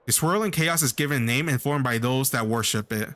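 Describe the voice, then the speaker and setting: A man's voice: medium pitch, a little fast, a bit bright, lightly acted. A man reading the lines of a mocking, lofty woman who lectures about gods in a video game. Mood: musing.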